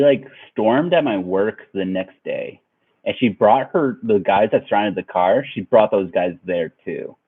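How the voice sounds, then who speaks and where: A man in his twenties telling a personal story in a rambling way, with lots of fillers and laughs. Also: on the low side. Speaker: vlogger. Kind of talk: storytime vlog. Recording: tinny phone-like sound.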